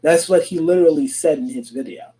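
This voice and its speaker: A man's voice: a little high, a little fast, mellow, low-quality recording. A man with a nasal voice, speaking in a video clip, defensively repeating himself and asking rhetorical questions.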